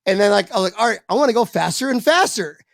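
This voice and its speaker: A man telling a long anecdote as a podcast guest, lively and profane, acting out the voices of people in it. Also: high-pitched, quick pace, no echo. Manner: animated, swearing, acts out quoted voices. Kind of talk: casual storytelling on a podcast.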